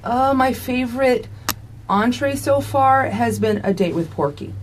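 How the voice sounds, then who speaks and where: A woman's voice: fairly high pitch, animated, unhurried, slight background noise. A woman who hosts a food segment on morning radio and tells stories with lots of laughter. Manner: storytelling, laughs a lot. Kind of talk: casual morning show chat.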